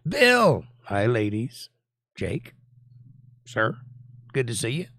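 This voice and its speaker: A man in his forties with a Southern US accent hosts a casual livestream, chatting with viewers in a folksy way. His voice sits on the low side and he talks slowly, with clean studio sound and no room sound.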